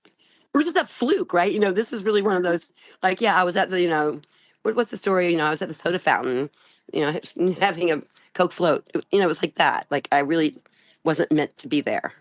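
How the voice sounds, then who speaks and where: Older actress guest, low-pitched and dry-miked, animated anecdotes full of laughs. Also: female voice, fairly quick, no echo. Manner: animated, laughs often, restarts. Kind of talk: storytelling interview.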